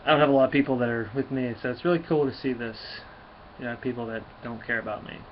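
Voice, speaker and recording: A man's voice: medium pitch, fairly even intonation, fast. A man giving a casual, rambling comic book review, with many fillers and restarts. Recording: dull lo-fi recording, faint hiss.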